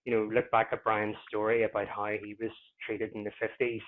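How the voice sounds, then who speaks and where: Male podcast guest with a lowish voice, reflective and halting, on a thin phone-quality line. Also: monotone. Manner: reflective, pausing often to find words. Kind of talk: casual interview conversation.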